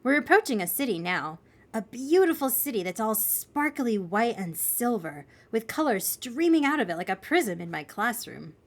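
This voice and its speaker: A woman reading a children's novel aloud in an expressive storytelling manner. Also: a little high, moderate pace.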